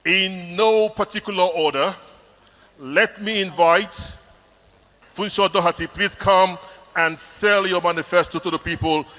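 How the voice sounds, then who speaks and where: Male emcee, high bright cheerful voice, reverberant hall, faint music. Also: measured pace. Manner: cheerful crowd-engaging. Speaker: event host. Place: large event hall.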